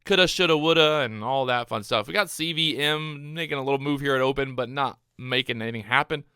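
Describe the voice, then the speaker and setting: Bright, excitable man narrating trades. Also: medium pitch, brisk, smooth, no echo, studio quality. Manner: excitable, repeats phrases, talks to viewers. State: out of breath, hyped up. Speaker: day trader streaming his trades. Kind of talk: live trading commentary.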